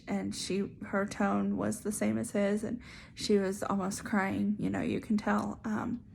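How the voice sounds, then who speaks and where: Young woman vlogging her story, kinda gravelly, lots of um and like. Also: medium pitch. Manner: chatty, many fillers and asides. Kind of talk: casual storytelling.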